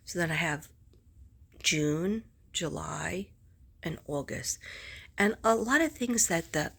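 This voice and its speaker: Low-voiced woman chatting rambly to camera. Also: animated, slow pace, gravelly, fairly bright tone. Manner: rambling, with many restarts and asides. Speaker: vlogger and psychic reader. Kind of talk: casual chat to camera.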